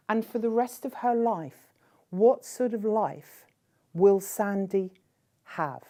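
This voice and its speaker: Slow, measured woman giving a keynote. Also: mid-range voice, expressive, warm tone. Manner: measured, posing rhetorical questions. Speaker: keynote speaker. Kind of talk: conference keynote speech.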